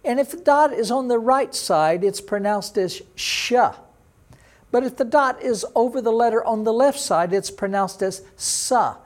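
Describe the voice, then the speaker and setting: A man's voice: very high-pitched, moderate pace, few pauses. A middle-aged male pastor giving a sermon, explaining Hebrew words and pronunciation in a teaching manner.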